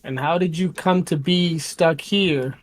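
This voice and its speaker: A man's voice: on the high side, a little slow. A man playing in a tabletop game, asking questions directly. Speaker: player.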